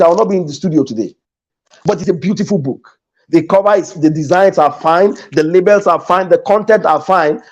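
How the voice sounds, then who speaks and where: A man's voice: sits high, darkish tone, muffled recording. A man with a Nigerian English accent giving an emphatic, preacher-like motivational talk as a guest business coach in a studio, repeating his key phrases. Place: podcast studio.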